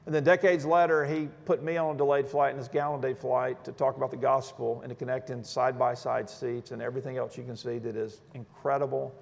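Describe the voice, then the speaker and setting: A male preacher with a gravelly, creaky voice tells a story from the pulpit in an animated sermon, restarting his phrases as he goes. The sound carries a long reverb from a large church hall. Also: medium pitch. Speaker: Baptist minister. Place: church sanctuary.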